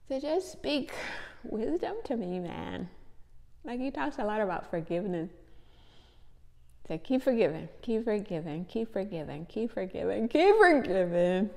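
A woman's voice: mid-range voice, vocal fry, warm tone, in a large hall. A tired, tearful woman speaking to her viewers in a heartfelt testimony, repeating her phrases. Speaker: faith vlogger.

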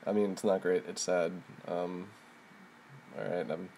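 A man's voice: deep voice, flat delivery, a little slow, creaky, warm tone, a little hiss or hum. A man improvising a goofy, playful comedic voice-over for a cartoon, filled with "oh"s and narrating his own actions.

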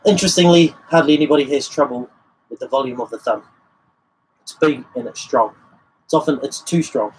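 A man's voice: medium pitch, a little fast, a little hiss or hum, low-quality recording. A man giving a casual livestream guitar lesson, explaining the technique and singing rhythms as syllables. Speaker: guitar teacher. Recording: guitar playing behind the voice.

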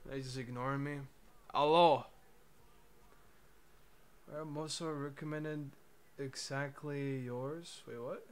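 Slow-talking mocking young male streamer. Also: medium pitch, steady tone, slight background noise. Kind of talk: casual livestream commentary.

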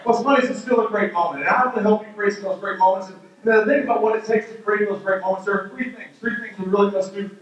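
A man in his thirties tells a comic parenting story as a keynote speaker, acting out the quotes as he goes. His voice sits fairly high and comes from some distance off the mic. The sound bounces around a big, very echoey hall. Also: quick pace, hardly any pauses, dull audio. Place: large hall with an audience. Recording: very echoey hall, heard from afar.

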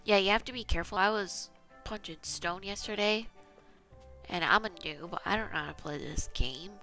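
Gravelly gal rambling over her game, kinda self-mocking, bright voice, soft music behind. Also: mid-range voice, normal speed. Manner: chatty, self-mocking, talks to herself while playing. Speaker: gaming channel host. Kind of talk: casual gameplay commentary.

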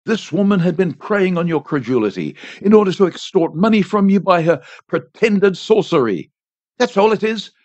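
A man's voice: high voice, expressive, normal speed, darkish tone, dry recording. A man voicing a stern, angry village priest who scolds and threatens in a storybook reading. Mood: scolding. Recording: dry, slightly dull home studio.

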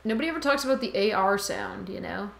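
A woman's voice: medium pitch, fast talker, gravelly. A woman with a Canadian accent chatting casually while playing a video game, easygoing and agreeable. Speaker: let's play co-host. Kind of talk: casual gameplay chat. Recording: echoey room with faint game music.

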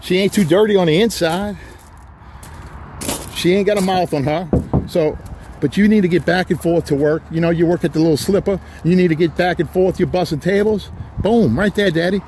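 A man giving a folksy, joking walkaround sales pitch on a used car lot. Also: fairly quick, a little mellow, a little hiss or hum. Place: outdoors on a rainy car lot.

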